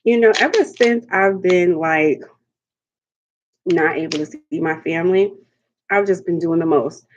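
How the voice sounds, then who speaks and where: A woman's voice: on the low side, a little slow, pauses often, dull audio, a little hiss or hum. A young adult woman hosting a live seafood eating show at home, chatting playfully and laughing often, calling viewers honey and darling. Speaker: mukbang host. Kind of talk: live-stream eating chat.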